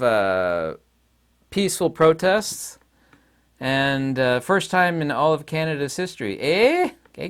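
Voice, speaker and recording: A man's voice: fairly high pitch, fairly bright tone, clean tone. A middle-aged man giving a rambling, sarcastic commentary monologue to camera. He laughs often. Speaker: channel host, commentator.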